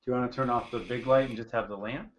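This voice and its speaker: A man's voice: mid-range voice, steady tone, fast. A guest man chatting casually on a podcast, wry and easily amused. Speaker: guest, brother of co-host. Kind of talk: casual chat. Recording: roomy, dull lo-fi sound.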